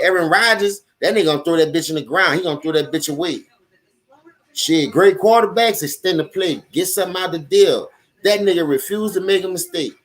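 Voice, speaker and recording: A young man with a New Orleans accent hosts a loose football live stream, cursing freely and getting worked up. His voice sits a little higher than most men's. He talks straight to his viewers in a casual, animated rant. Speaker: sports commentary host.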